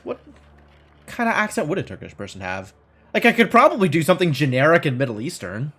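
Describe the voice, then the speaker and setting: A man's voice: on the high side, big pitch swings, fast, sharp tone. A man streaming a game live, chatting aloud, reading lines and second-guessing himself. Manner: chatty, self-doubting, thinks aloud with restarts. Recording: game music in background.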